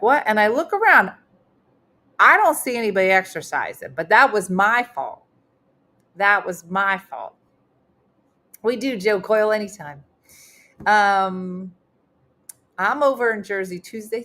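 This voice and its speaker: With a mid-range, sing-song voice and a sharp tone, a middle-aged woman speaks a little slowly, leaving long pauses. She's a comedian running a casual online chat show, narrating stories thick with fillers in live-stream fashion.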